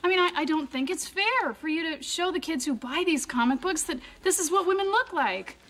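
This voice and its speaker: A nervous rookie colorist, very high voice. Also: female voice, lively intonation, brisk, a bit bright. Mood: anxious. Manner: nervous and rambling, many restarts. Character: earnest young woman, rookie colorist, anxious idealist. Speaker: comic-book colorist. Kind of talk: 1990s sitcom acting. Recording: noisy old TV audio.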